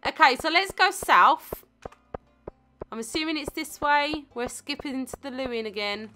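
A young woman giggling and excitedly commenting while playing a game. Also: high-pitched, normal speed, soft background music. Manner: giggly, excitable, self-mocking. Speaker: gaming channel host. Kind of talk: let's play commentary.

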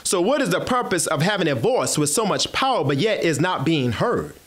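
Male host, fairly high voice, lively chat into spoken word poetry. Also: normal speed. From South Carolina. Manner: animated, chatty, addresses audience as y'all.

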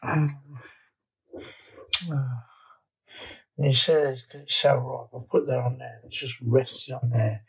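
A man who vlogs about his allotment chats casually to camera at a slow, unhurried pace, thinking aloud and trailing off with fillers and restarts. His voice is ordinary and mid-pitched, creaky, with fairly even intonation, and the recording is low in quality.

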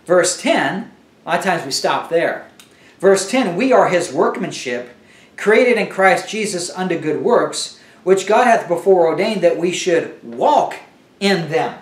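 A man's voice: high voice, animated, unhurried, reverberant, recorded from a distance. A man teaching a Bible lesson in a conversational sermon style, often restarting his sentences.

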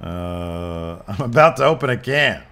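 A man voicing a brash male wrestler who taunts and shouts through a promo, reading it out over gameplay. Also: on the low side, lively intonation, unhurried, smooth. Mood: taunting. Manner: cocky, taunting, shouting at the crowd.

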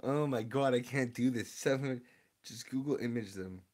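A man's voice: mid-range voice, normal speed, darkish tone. A young man live-streaming, reading his chat and opening card packs, confused and laughing, often repeating himself.

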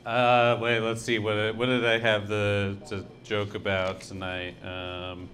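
A man doing a stand-up set with a halting, rambling delivery, trailing off and restarting his jokes. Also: lowish voice, flat delivery, fairly bright tone, a little hiss or hum. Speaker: stand-up comedian.

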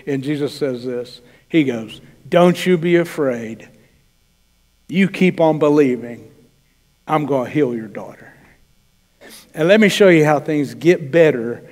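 A man's voice: mid-range voice, a little mellow. A man preaching a sermon as pastor, talking in a conversational way and acting out quoted dialogue. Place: church sanctuary. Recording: church hall reverb.

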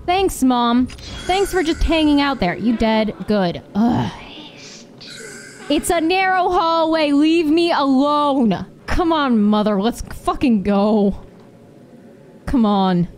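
High-voiced 20s gamer girl cursing at a horror game, slow-ish talk, little bit of noise. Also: expressive, a little mellow, faint music behind. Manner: swears, laughs and snaps at the game in frustration. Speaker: gaming streamer. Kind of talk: let's play commentary.

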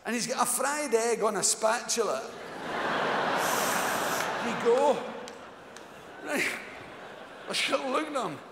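Scottish man, Glaswegian accent, animated profane stand-up storyteller, high pitch, live theatre reverb. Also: takes it slowly, long pauses, heavy background noise. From Scotland. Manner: profane, animated, puts on voices of friends. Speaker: stand-up comedian. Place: large theatre on stage. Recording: echoey live theatre recording. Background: audience laughter.

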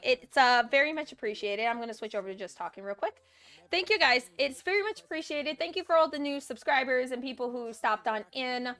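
Bright, high-voiced excitable woman streamer. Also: clean tone. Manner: chatty and excitable, swearing casually. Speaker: livestreamer. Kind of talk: casual chat on a live stream.

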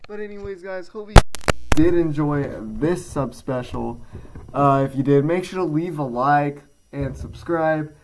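A man's voice: on the high side, measured pace, background noise. Rambling teenage boy reviewing headphones. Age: teens. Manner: rambling, self-mocking, with many fillers. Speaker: gaming channel creator. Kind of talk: casual product review vlog.

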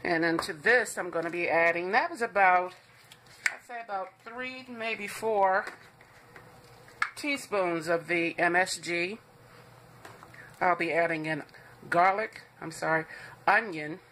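A woman's voice: fairly low pitch, takes it slowly, pauses often, fairly bright tone, slight background noise. Chatty woman hosting a home cooking demo. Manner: chatty, reassuring, talks to viewers as "guys". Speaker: cooking show host.

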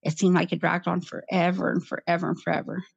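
A middle-aged woman recounting a personal ordeal in an interview, talking plainly and haltingly and repeating herself. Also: fairly low pitch, level tone, creaky, slightly rough. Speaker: interview guest, survivor. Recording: slightly muffled recording.

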